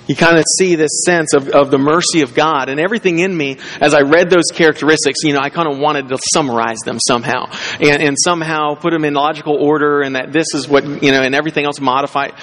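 A man's voice: on the high side, steady tone, fast talker, hardly any pauses, fairly bright tone, long reverb tail. A pastor preaching a casual, conversational sermon, often restarting his sentences.

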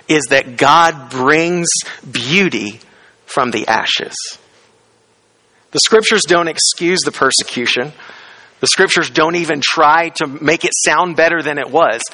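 A man preaching a sermon, explaining a Bible passage verse by verse, asking questions and slowing down on key phrases for emphasis. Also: a little high, pushed and bright, rough recording. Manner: expository, explains Greek words, asks the congregation questions. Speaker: pastor.

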